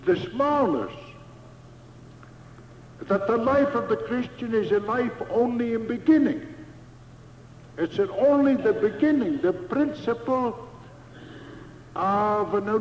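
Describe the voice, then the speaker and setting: A man preaching a sermon, slow and emphatic, repeating key phrases for weight. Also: high-pitched, a little mellow, slight background noise. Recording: echoey hall, dull lo-fi sound.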